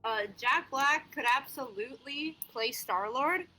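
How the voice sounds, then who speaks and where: A woman's voice: sits high, measured pace, sharp tone. A woman in casual group chat on a stream, making blunt, profane asides.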